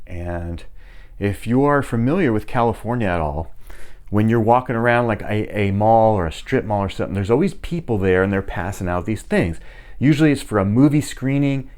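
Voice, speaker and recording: A middle-aged man casually telling rambling stories while giving a tour of his home. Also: fairly low pitch. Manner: chatty, rambling, animated when retelling. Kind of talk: casual storytelling.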